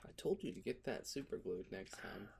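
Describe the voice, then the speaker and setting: A man's voice: sits low, expressive, fairly quick, gravelly, darkish tone, husky. A man co-hosting a podcast in casual chat, teasing and laughing often. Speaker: podcast co-host.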